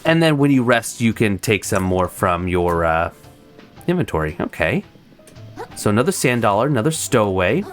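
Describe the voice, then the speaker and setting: A let's-play host giving casual gameplay commentary with chatty, excitable asides. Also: medium pitch, moderate pace, faint music behind.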